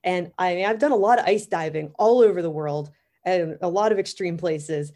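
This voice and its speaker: A woman's voice: lowish voice, normal speed, warm tone. A woman in her thirties, a diver talking enthusiastically in a casual interview, with fillers and restarts. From Florida, USA. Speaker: guest, underwater cameraman and technical diver.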